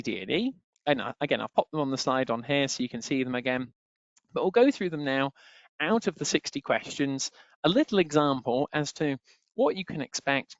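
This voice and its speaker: A man's voice: mid-range voice, no room sound. Male tutor, chatty webinar delivery, dry, slightly dull audio. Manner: chatty, repeats filler phrase "on there". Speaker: exam tutor. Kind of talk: webinar teaching.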